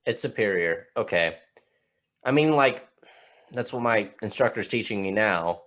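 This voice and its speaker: A man with a lowish voice hosts a casual podcast, blunt and profane. He often restarts his questions and stumbles over his words. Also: animated, unhurried, a bit bright. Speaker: podcast host.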